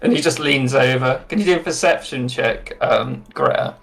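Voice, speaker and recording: A man narrating as game master for a tabletop role-playing session, in a relaxed, rambling way. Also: mid-range voice, normal speed, vocal fry, soft background music.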